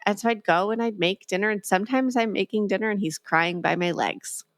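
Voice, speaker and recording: A woman guest and emotional development expert, speaking in a calm, measured way on a podcast interview, with a gentle tone when she quotes herself talking to a child. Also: mid-range voice, no echo, clean studio sound.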